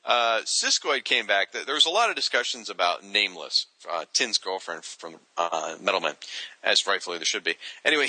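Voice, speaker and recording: A man's voice: medium pitch, bright, forceful tone, no echo, low-quality recording. A man co-hosting a casual podcast, reading listener letters aloud and chuckling at them.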